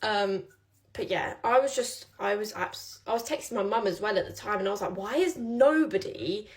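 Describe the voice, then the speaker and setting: A woman's voice: mid-range voice, fairly quick. A young woman telling a personal story in a casual vlog, chatty and rambling with many fillers.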